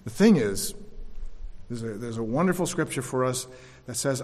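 A man preaching a sermon, repeating phrases for emphasis and dropping to quieter tones. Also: medium pitch, animated, moderate pace, long pauses. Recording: long hall reverb.

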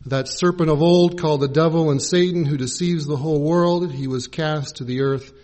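A man preaching a sermon in a measured, teaching way, pausing to spell out original-language words. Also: a little high, a little mellow. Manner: measured, spells out Greek and Hebrew words letter by letter.

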